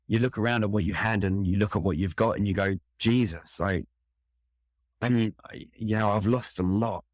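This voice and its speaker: A man's voice: lowish voice, no room sound, studio quality. A middle-aged man with a London accent, telling a personal story in an earnest, reflective way. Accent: London English. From England. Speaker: interview guest, firefighter.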